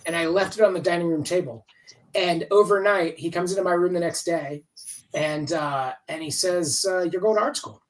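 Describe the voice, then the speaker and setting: Speaking at normal speed in a voice on the high side, a man in his fifties chats as an interview guest over video call. The comics writer is rambling, candid, and free with swearing, and he sounds far from the mic in poor audio.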